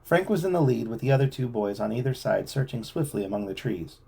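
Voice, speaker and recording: A man reads a boys' adventure novel aloud to a child at home. His voice is dark and gravelly with a husky rasp, and it rises and falls in lively storyteller fashion. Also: medium pitch, a little fast.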